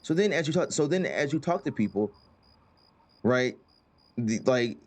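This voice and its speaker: A man talks through a game in a loose, rambling way. He stumbles over and repeats words, with lots of fillers, at a middling pitch. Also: expressive, unhurried. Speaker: host. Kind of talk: casual gaming chat.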